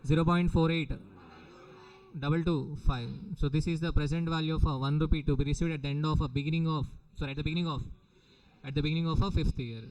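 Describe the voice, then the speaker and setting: A man's voice: fairly high pitch, a little mellow, clean tone, rough recording. A middle-aged man with an Indian English accent, teaching a recorded exam-prep lecture, repeating points and often checking with the students. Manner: repetitive, questioning the students often.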